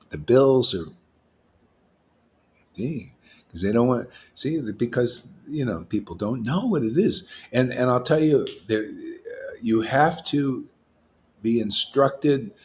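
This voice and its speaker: A man's voice: lowish voice, a little mellow. A man giving an informal sermon to devotees as a spiritual teacher, emphatic and challenging, talking colloquially and repeating words for emphasis.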